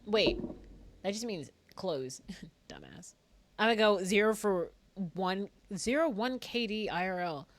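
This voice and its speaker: A woman's voice: mid-range voice, big pitch swings, a little slow, creaky, slight background noise. A young woman streaming a game, chatting casually in a giggly, crude, playful way that jumps between topics. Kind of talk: casual live-stream chatter while gaming.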